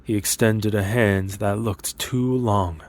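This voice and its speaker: A low-voiced man reads a scripted horror story in the first person. His delivery is measured and steady, with a sober, deliberate pace through the tense scenes. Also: slight background noise. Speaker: narrator.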